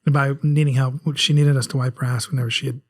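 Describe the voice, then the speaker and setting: A man's voice: mid-range voice, level tone, quick pace. A man in his forties from South Carolina with a faint Southern accent, speaking candidly as a guest on a casual podcast with many restarts. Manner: rambling, frequent restarts, candid and self-reflective. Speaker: guest author.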